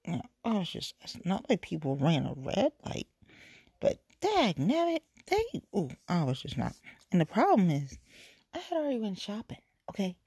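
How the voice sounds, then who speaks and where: A woman's voice: medium pitch, huge pitch swings, moderate pace, mellow, breathy edge, no echo, studio quality. A middle-aged woman hosting a casual solo podcast, venting in a rambling, exasperated way and repeating herself. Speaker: podcast host.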